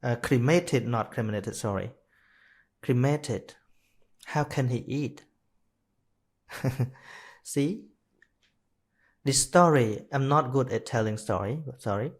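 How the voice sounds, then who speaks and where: Man, Khmer first language, dharma talk, very slow, stops and corrects himself. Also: mid-range voice, animated. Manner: slow, hesitant, with many restarts and self-corrections. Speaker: Buddhist monk teaching dharma. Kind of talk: live dharma talk, telling a story.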